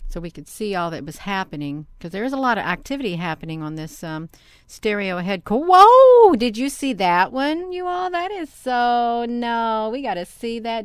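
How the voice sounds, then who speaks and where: A woman hosting a casual screen-share video, talking to herself by name and to her viewers, and breaking into loud excited exclamations. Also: on the low side, clear, resonant tone, dry recording. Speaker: channel host.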